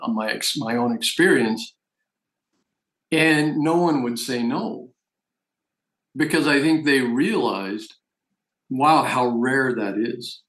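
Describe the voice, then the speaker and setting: A man's voice: mid-range voice, slow, pauses often, a bit bright, reverberant, poor audio. A man giving a persuasive, emphatic business opportunity presentation as a network marketing presenter. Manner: persuasive, emphatic sales talk.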